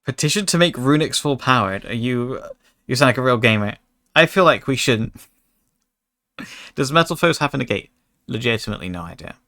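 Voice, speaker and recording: A man's voice: medium pitch, lively intonation, moderate pace, long pauses, bright, forceful tone. A man streaming a card game, chatting casually with his chat and joking in mock anger. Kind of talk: casual gaming commentary.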